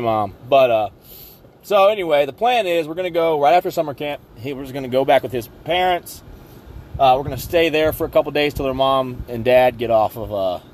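The young man's voice is mid-range with a darkish tone, and there's slight background noise. Hosting his podcast, this Southwest Virginian with a Southern accent tells a meandering, self-mocking story peppered with ums and uhs.

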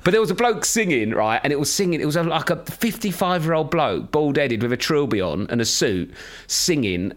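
A man's voice: a little high, fairly quick. An English man co-hosting a casual chat podcast, telling stories with laughter and swearing. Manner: animated storyteller, swears, laughs often. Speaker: podcast co-host.

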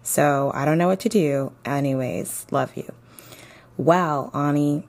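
A woman's voice: sits low, measured pace, a little mellow. A young woman hosting a casual advice podcast, chatty and playful like a big sister, a little tired. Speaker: podcast host.

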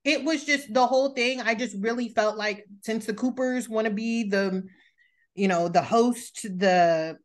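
A woman's voice: fairly high pitch, a little slow. A woman hosting a podcast, recapping a reality show in casual, blunt chat with plenty of swearing. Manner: blunt, animated, swears freely. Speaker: podcast host.

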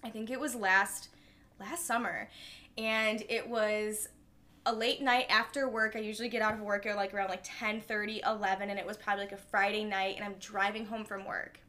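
A woman's voice: mid-range voice, steady tone, moderate pace, sharp tone. A young adult woman co-hosting a podcast, telling a story in casual chat and swearing freely. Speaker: podcast co-host.

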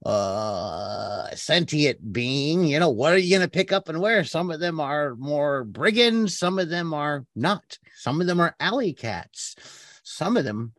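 A man with a slightly raised pitch talks in a loose, animated ramble, often stopping to correct himself. His voice sounds dry and close, with little room around it. He is co-hosting a casual chat about tabletop gaming. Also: measured pace, no echo. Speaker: podcast co-host and game master.

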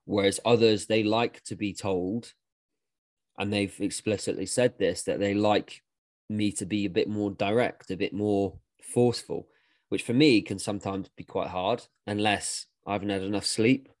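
Low-voiced man, frank and rambling. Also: fairly even intonation, moderate pace. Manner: rambling, frank, swears casually. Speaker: podcast co-host and weightlifting coach. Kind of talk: casual podcast chat.

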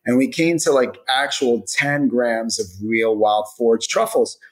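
A man's voice: mid-range voice, measured pace, low-quality recording. A man chatting as a podcast guest about the product he makes, rambling with many fillers. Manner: rambling, lots of "like" and "you know" fillers. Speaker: hot sauce brand founder, guest. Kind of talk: casual podcast interview.

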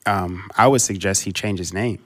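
Low-voiced, easygoing male podcast co-host. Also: normal speed, a bit bright. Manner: easygoing, reflective, many fillers. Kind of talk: casual chat.

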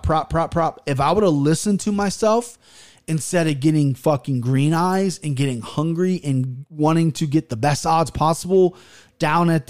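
Man, 30s, podcast host, casual chat, profane, rambling, slightly high voice. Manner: profane, rambling and animated, with frequent restarts.

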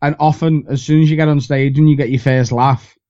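A man's voice: mid-range voice, fairly even intonation, fairly quick, dark tone, lo-fi sound. A young man with a Liverpool accent, a comedian chatting candidly as a podcast guest, rambling and self-deprecating. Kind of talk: casual podcast chat.

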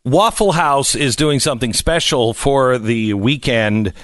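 A man's voice: medium pitch, unhurried, music in the background. A man hosting a talk radio show, trading dry, teasing banter with his co-host. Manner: teasing, dry, mock-insistent.

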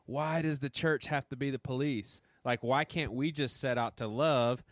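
A man's voice: medium pitch, fairly even intonation, moderate pace, no room sound, clean studio sound. A man hosting a podcast, speaking in an earnest, heartfelt way. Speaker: podcast host. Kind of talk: casual podcast conversation.

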